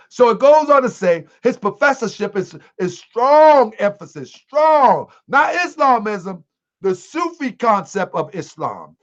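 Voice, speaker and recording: High voiced guy hosting a livestream, preachy and animated, kinda muffled lo-fi sound. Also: measured pace. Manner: animated, preachy, talks straight to his viewers. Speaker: host of an online show. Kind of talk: livestream commentary to viewers. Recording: dull lo-fi sound.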